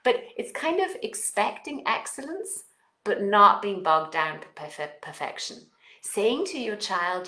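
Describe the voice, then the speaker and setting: A woman with a non-native English accent talking as a parenting coach, guiding listeners through exercises and affirmations in an expressive, coaching manner. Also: mid-range voice, measured pace, echoey room. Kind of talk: guided self-help talk with exercises.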